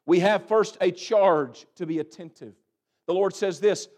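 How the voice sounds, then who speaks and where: A man preaching a sermon as pastor, building phrases up and letting them drop off quietly. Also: high-pitched, steady tone, moderate pace. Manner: preaching with swelling and fading emphasis, repeated phrases.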